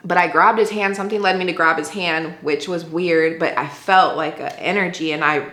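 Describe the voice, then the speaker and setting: A woman's voice: lowish voice, steady tone, normal speed, fairly bright tone, roomy sound. A woman giving an earnest, conversational faith testimony as an interview guest, often saying "like". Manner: earnest, conversational, heavy use of "like".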